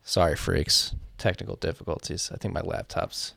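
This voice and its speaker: A man from Philadelphia co-hosting a podcast, talking through the news in a relaxed, rambling way and swearing casually over a remote call. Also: deep voice, normal speed, creaky, dry recording, studio quality. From Philadelphia, USA. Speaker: podcast co-host.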